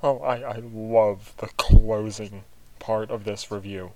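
A man's voice: lowish voice, steady tone, slow, dark tone, low-quality recording. Joking man on a casual podcast. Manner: joking, laughs through his sentences. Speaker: podcast guest. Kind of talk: casual chat reviewing a movie.

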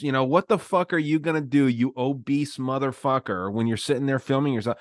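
A man's voice: mid-range voice, brisk, few pauses, no echo. Male podcast co-host, mid-range voice, dry close sound, crude blunt rants. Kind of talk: casual podcast chat.

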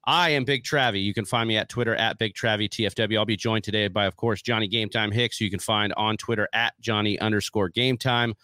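A man's voice: fairly low pitch, fairly even intonation, fairly quick, hardly any pauses, bright, forceful tone, no room sound. A man co-hosting a casual sports podcast, chatty and upbeat, building hype as he talks to listeners on a close mic. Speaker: podcast co-host. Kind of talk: casual fantasy football podcast talk.

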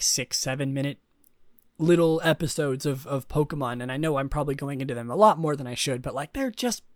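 A man's voice: on the high side, dry recording, studio quality. A young man hosting a casual solo podcast, rambling with many fillers and restarts. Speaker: podcast host.

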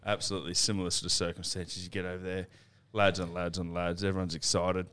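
A man's voice: low voice, level tone, quick pace, a bit bright, clean tone. A man with an Australian accent telling a laughing, swear-filled rugby tour story on a casual podcast. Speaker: podcast co-host.

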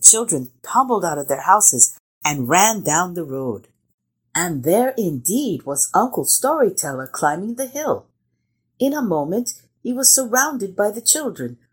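A woman hosting a children's story channel, reading a picture book aloud with gentle, expressive storytelling. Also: mid-range voice, breathy edge, poor audio.

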